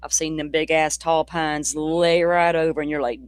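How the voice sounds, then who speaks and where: This is a true crime host, riffing loosely to viewers in a livestream chat. The talk is blunt and sardonic, with swearing and tangents. The voice sits mid-pitched and sounds dry and close. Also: steady tone, moderate pace, clear, resonant tone, no echo. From Florida, near the Alabama state line. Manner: chatty, loose, rambling. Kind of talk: casual livestream commentary.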